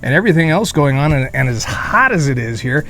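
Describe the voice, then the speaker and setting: This beer reviewer's voice is a little high, bright and pushed, swinging widely in pitch at a slightly quick pace. Hosting his casual vlog in a beer garden, he sweats in the heat and chats rambling on with jokey asides.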